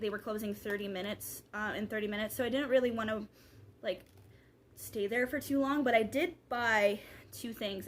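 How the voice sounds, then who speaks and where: A woman's voice: on the high side, a little hiss or hum. Chatty young woman vlogging. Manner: rambling, chatty, lots of fillers. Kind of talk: casual vlog chat.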